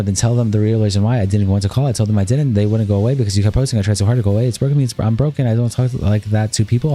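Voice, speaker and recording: A male streamer reading a long exchange of text messages aloud in a rapid, flat delivery. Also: mid-range voice.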